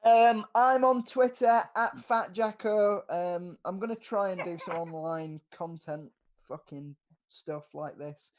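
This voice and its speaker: A male comedian guest on a video call tells wry, swearing stories. His voice sits high, with a faint hiss in the background. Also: slow. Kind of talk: casual chat. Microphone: video call from home.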